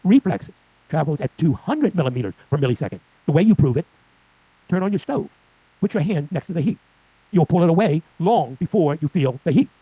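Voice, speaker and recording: An older man lectures a room of clinicians at a rapid clip, firing questions at his listeners and slipping into his patients' complaints. His voice is mellow and a little husky, and it sounds dry and close. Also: fairly high pitch, no room sound, rough recording. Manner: lively, asks the audience questions and acts out patients' complaints. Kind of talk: live lecture with slides.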